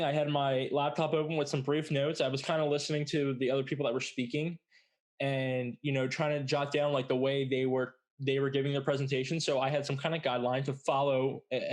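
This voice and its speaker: A young adult man hosting a podcast, telling a long story in a rambling, casual way with lots of filler words and blunt swearing. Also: mid-range voice. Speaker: podcast host.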